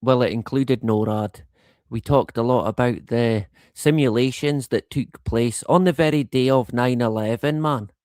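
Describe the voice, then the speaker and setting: A man talking casually on his livestream, meandering from point to point and chuckling often. His voice sits at an ordinary middle pitch and comes across close and dry, with no room sound around it. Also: moderate pace, a little mellow, no echo. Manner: rambling and conversational, laughs often, swears. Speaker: livestream host. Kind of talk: casual monologue.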